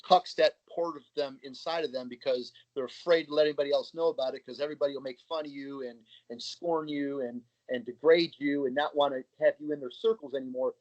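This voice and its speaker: A man's voice: medium pitch, steady tone, fairly quick, hardly any pauses, darkish tone, no echo. A man telling stories frankly and chattily in a casual podcast interview, swearing freely. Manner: frank, profane, chatty, often acting out quoted voices. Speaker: podcast guest. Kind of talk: casual storytelling conversation. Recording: slightly muffled, dry podcast audio.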